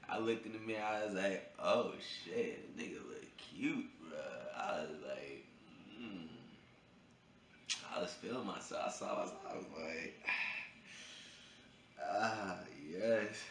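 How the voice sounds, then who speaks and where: A young man casually telling a funny personal story, breaking into high yelps when he acts out his own reactions. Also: bright, forceful tone. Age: young adult. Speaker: vlogger. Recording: echoey room with faint ambient noise.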